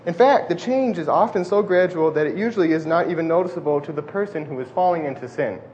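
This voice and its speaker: A young man preaching a sermon into a lapel mic, fast-talking and self-deprecating, in a church hall. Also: fairly high pitch. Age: young adult. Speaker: student preacher. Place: church hall with air conditioning. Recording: dull lo-fi audio with faint hum. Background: faint air conditioning hum.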